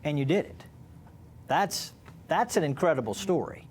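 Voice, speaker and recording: A man interviewing a guest for a church program, affirming and animated when he makes a point. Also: on the high side, moderate pace, a little hiss or hum.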